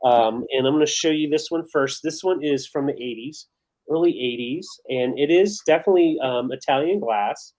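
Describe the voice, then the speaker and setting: A man's voice: on the high side, moderate pace. A man co-hosting a live vintage sale stream, chiming in with short, easygoing remarks. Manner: short agreeing interjections, relaxed. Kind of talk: live-stream sales chat.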